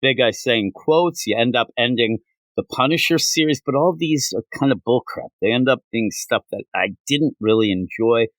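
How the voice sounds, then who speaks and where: A man's voice: medium pitch, moderate pace, no echo. Chatty man hosting a comics show. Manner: animated, talkative, repeats phrases like "I'm telling you". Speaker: comics podcast host. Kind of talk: casual chat.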